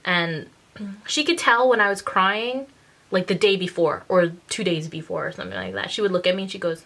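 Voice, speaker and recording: Casual vlogger, woman in her 30s, bright tone, laughs a lot, acts out quotes. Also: lowish voice, brisk, rough recording. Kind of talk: casual confessional storytelling.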